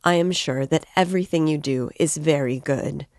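A timid middle-aged mother speaks hurriedly and fretfully, as a woman reads her aloud. The voice is low and the recording dry and close. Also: normal speed, a little mellow, no room sound. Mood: anxious. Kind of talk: reading a novel aloud.

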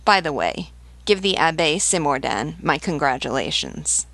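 A woman reading the lines of an aged aristocratic male marquis from a novel, calm and unhurried, stressing nothing. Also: low voice, gravelly, dry recording, exaggerated voice. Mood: calm, scornful. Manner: calm, unhurried, unstressed delivery.

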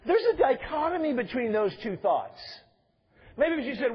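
A man's voice: very high-pitched, sing-song, normal speed, breathy edge, lo-fi sound. A male pastor preaching a sermon in a conversational way, with joking asides to the congregation. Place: church sanctuary.

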